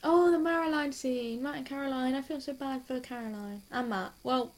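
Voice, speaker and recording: A young woman chatting casually and excitedly about a TV episode, giggly and hyper, gushing and rambling from scene to scene. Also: sits high. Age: young adult. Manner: hyper, giggly and quick to gush. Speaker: TV reaction vlogger. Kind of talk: casual rambling reaction chat.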